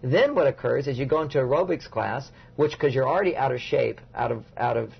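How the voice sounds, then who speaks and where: Author guy on an interview, raspy, fry in his voice, lectures step by step, muffled old recording. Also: medium pitch, lively intonation, fairly quick. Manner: confident, lecturing, builds points step by step. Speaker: author and guest. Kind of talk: interview, explaining advice. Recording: dull lo-fi recording.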